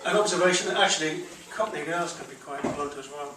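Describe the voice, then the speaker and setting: A man's voice: fairly high pitch, fast talker, crowd noise. A man with a Geordie accent doing a blunt, crude stand-up comedy set in a comedy club, with the audience laughing. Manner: blunt, crude punchline delivery. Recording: roomy club recording from far off.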